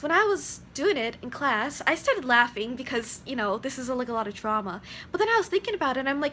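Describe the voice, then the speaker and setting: A woman's voice: sits high, very animated, fairly quick, bright, forceful tone, a little hiss or hum. A woman in her twenties, earnestly explaining ideas from her studies in a casual vlog. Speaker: vlogger.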